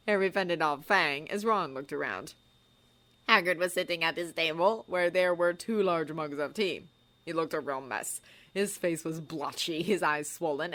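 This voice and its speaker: A woman narrating a fan-written story in an expressive, audiobook reading style. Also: on the low side. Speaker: fanfiction reader.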